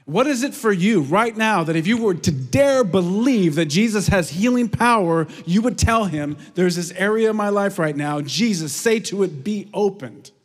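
A man preaching a sermon, telling stories with energy and dropping to a hushed, prayerful tone. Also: normal speed, few pauses. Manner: earnest, lively storytelling with hushed prayerful lows. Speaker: pastor. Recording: long reverb of a large hall.

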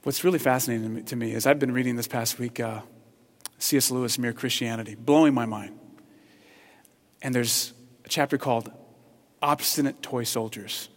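Passionate preacher in a reverberant hall. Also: male voice, medium pitch, fairly even intonation, moderate pace, pauses often. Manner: passionate, swings from hushed to loud. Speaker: pastor. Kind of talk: sermon.

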